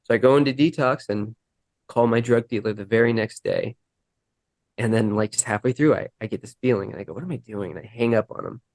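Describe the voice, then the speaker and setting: A man candidly recounting his recovery story in an interview, earnest and halting, acting out the dialogue he quotes. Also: medium pitch, darkish tone, no room sound.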